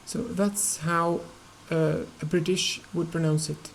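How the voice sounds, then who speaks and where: A man teaching an English pronunciation lesson, hesitating often with fillers and restarts and repeating words slowly to model their sound. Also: on the high side, level tone, vocal fry, a little hiss or hum, rough recording.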